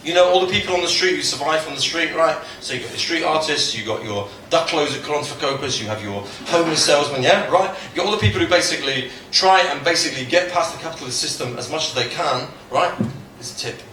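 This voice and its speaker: A man's voice: a little high, expressive, fast, few pauses, slight background noise. A man performing a silly comic song with banter, belting the chorus playfully. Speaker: musical comedian. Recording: distant mic, roomy echo, loud guitar.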